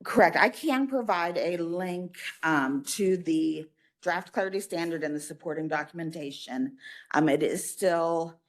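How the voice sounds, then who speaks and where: A woman from a state agency presenting at a public commission meeting, answering questions in a measured way with frequent fillers. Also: fairly low pitch.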